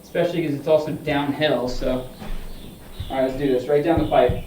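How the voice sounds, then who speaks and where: A man's voice: mid-range voice, fairly even intonation, fairly quick, a little mellow, slight background noise. A man streaming his golf simulator round, talking casually to himself and swearing bluntly as he urges his shots on. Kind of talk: casual live-stream self-talk. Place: indoor golf simulator bay. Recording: echoey room, distant mic.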